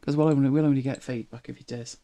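Chatty streamer with a softened northern English accent. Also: medium pitch, steady tone, fast talker. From northern England. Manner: chatty, laughs often, muses aloud. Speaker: streamer reacting to videos. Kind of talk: casual reaction chat to viewers.

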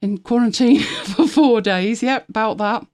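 A woman chatting casually on a live stream, laughing often and switching to a high sing-song voice when she talks to her dog. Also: measured pace, darkish tone. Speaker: vlogger.

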